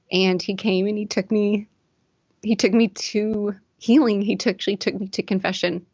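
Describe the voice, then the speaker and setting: Earnest woman telling her story, low-pitched. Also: dry recording, lo-fi sound. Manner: earnest and emotional, with many fillers. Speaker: podcast guest. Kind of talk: personal testimony in conversation.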